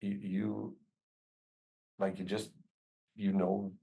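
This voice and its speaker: A man's voice: on the low side, flat delivery, takes it slowly, creaky, mellow, poor audio. A man, a business owner as guest, talking casually with many "you know" fillers. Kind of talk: casual conversation.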